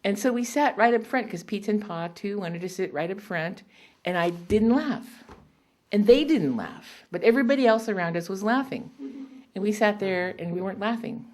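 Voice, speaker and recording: A woman's voice: mid-range voice, normal speed, darkish tone. A woman poet at a public reading, telling rambling personal stories between poems and laughing often. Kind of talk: storytelling talk between poems.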